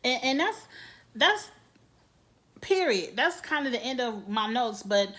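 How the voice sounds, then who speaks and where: Woman, vlog host, casual gossip recap, animated, laughs a lot, slightly high voice. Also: a little slow.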